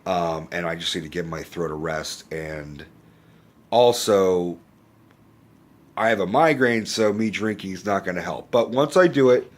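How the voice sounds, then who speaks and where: A man with a deep voice speaks a little slowly as he hosts a casual movie review rant, coughing with a sore throat. Filmed indoors under a bright lamp on a handheld phone camera, he rambles, swears freely, and corrects himself.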